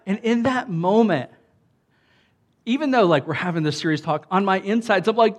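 A pastor delivers a sermon with animated emphasis, his voice high for a man and his speed normal. He alternates punchy lines with chatty asides to the room.

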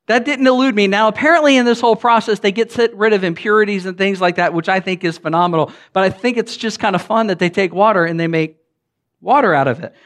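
A man with a Southern US accent, a pastor giving a chatty, humorous sermon full of stories, with loud bursts and quiet asides. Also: quick pace. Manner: animated, joking, swings between loud bursts and low asides; frequent fillers and restarts, chatty. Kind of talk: conversational sermon with humorous storytelling.

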